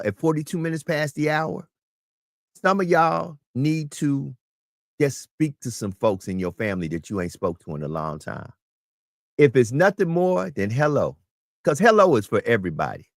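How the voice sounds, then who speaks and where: A man's voice: mid-range voice, a bit bright, no room sound, studio quality. A man speaking as a talk show guest, emphatic and preachy, often repeating his words. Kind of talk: casual talk show chat.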